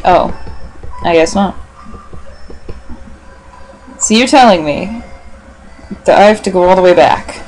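A woman's voice: lowish voice, rough recording. A woman giving casual commentary as she plays a video game, rambling and swearing, talking to herself and the game characters with self-mocking asides. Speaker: let's play gamer.

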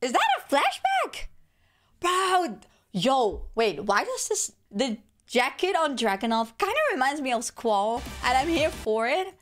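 A woman with a hoarse voice gushing excitedly as she reacts to a game trailer, with lots of exclamations and repeated outbursts. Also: high-pitched, a little slow, faint music behind. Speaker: gaming reaction vlogger.

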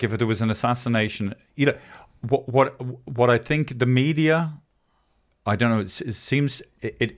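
An Irish man co-hosting a podcast, rambling and swearing with many restarts in casual chat. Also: lowish voice. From Ireland. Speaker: podcast co-host.

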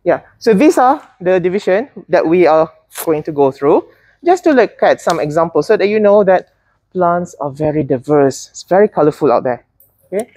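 A woman's voice: fairly low pitch, big pitch swings, moderate pace, mellow, dry recording. A woman teaching a botany class, chatty and teasing, often restarting her words. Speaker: botany lecturer. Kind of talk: classroom lecture.

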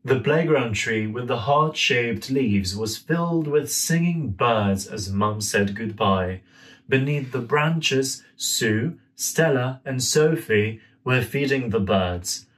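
A young man in a gentle, friendly manner, reading a children's story aloud at home. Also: medium pitch. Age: young adult. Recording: voice a bit far from mic.

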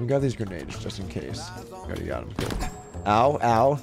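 A young adult man streaming, excitedly opening a snack box and playing a shooter while talking to his chat, with a light lilt. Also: lowish voice, moderate pace, vocal fry, music in the background. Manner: enthusiastic, exclaiming, talks to chat.

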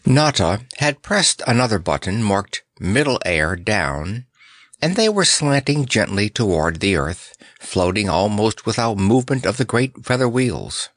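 Expressive male storybook narrator. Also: lowish voice, measured pace, no echo, studio quality. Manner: expressive, animated reading. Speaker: audiobook narrator.

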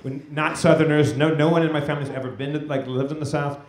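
A man telling a loose, animated story to an audience at a live podcast taping. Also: on the high side, fast talker. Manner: animated, loose rambling anecdote. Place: theater stage before an audience. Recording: echoey live venue, faint noise.

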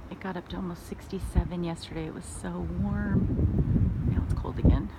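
A woman's voice: fairly low pitch, fairly even intonation, moderate pace. A woman in her forties with a Southern US accent, chatting and exclaiming to herself as she films outdoors. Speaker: vlogger. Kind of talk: casual running commentary. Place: outdoors under open sky. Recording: phone-like audio with loud background noise.

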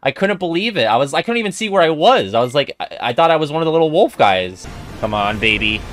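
A young man giving profane, jokey, excitable commentary as he plays a video game. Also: on the high side, fast, faint music behind. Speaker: gamer and video host. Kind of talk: let's-play game commentary.

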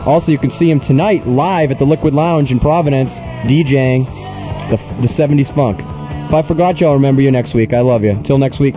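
A man's voice: mid-range voice, fairly quick, over music, rough recording. A man hosting a college radio show, teasing his guest in a sarcastic, mock-rude way. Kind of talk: casual late-night radio banter. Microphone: studio microphone.

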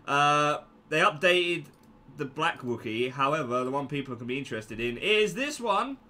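A man giving casual gameplay commentary, excitable, yelping and joking as he plays. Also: on the high side, moderate pace.

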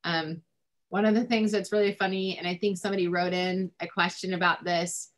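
Chatty woman therapist, low voice. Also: steady tone, fairly quick. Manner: informal, many fillers like "um" and "like". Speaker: family therapist. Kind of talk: casual explanatory chat.

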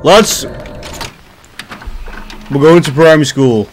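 A man's voice: a little high, expressive, slow pace, faint music behind. A young man commenting on a horror game with jokes, reading the on-screen text aloud and riffing on it. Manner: jokey, playful, reads game text aloud and riffs on it. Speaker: gaming YouTuber.

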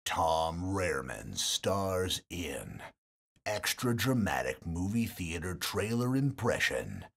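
A man voicing an over-dramatic movie trailer narrator, deep and drawn out. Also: very animated, takes it slowly, gravelly, fairly bright tone, full character voice.

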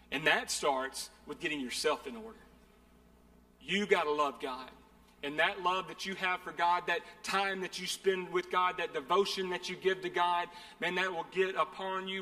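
A man's voice: sits high, bright, forceful tone. A man preaching a sermon, earnest and conversational, often repeating phrases. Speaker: pastor. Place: church sanctuary. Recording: long hall reverb.

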